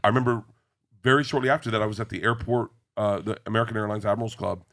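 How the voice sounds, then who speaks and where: A middle-aged man, a guest comedian, telling animated stories in a casual interview and acting out the people he quotes. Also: lowish voice, racing. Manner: animated storyteller, acts out quoted voices.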